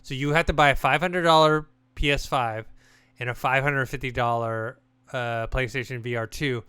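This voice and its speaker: Bright, crisp-voiced man co-hosting a podcast. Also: medium pitch, normal speed, no echo. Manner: relaxed, rambling, many restarts and fillers. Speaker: podcast co-host. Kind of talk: casual chat.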